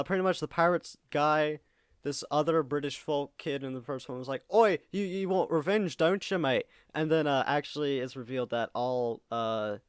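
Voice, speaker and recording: A young man hosting a casual review chat, rambling and joking, slipping into quick put-on character voices. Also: mid-range voice, clear, resonant tone, no echo, studio quality. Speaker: video host.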